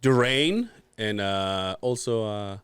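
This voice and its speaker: A man's voice: fairly low pitch, lively intonation, takes it slowly, a bit bright, smooth, dry recording. A man co-hosting a podcast, telling rambling stories in casual chat, swearing freely and laughing often. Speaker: podcast co-host.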